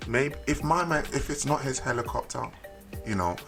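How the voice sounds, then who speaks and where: Male guest, lively storyteller with a swinging, expressive delivery, music running under the recording. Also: mid-range voice, normal speed, gravelly. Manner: animated storyteller, drops to near-whisper for emphasis. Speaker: podcast guest. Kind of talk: casual storytelling chat.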